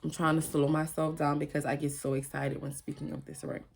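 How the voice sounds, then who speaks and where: A woman with a somewhat low voice gives a casual, heartfelt talk straight to her viewers. She is earnest and emotional, and she rambles and restarts her sentences as she goes. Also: flat delivery, fairly quick, creaky. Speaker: spiritual vlogger. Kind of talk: casual motivational monologue.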